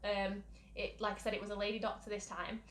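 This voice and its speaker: Young woman, from the UK, candid storytelling, rambling, mid pitch, echoey room. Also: little pitch movement, brisk. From United Kingdom. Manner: candid, rambling, many fillers. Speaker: mental health vlogger. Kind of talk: personal storytelling. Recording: roomy echo.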